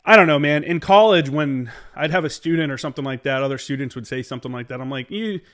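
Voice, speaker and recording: A man's voice: medium pitch, quick pace, fairly bright tone. A man in a mid-range voice hosts a casual podcast chat. He talks bluntly, rambles and swears often, sounding like an everyday veteran speaking his mind. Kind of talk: casual conversation.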